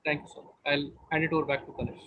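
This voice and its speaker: A man's voice: a little high, flat delivery, very fast, narrow, tinny audio. A man moderating a panel, polite and repetitive in thanking the speakers.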